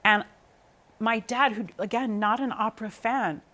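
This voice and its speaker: Talking about her singing career as an interview guest, a woman in her thirties who sings opera tells animated stories, frequently using fillers, ums and restarts. Her voice is fairly high, and her pace is a little slow.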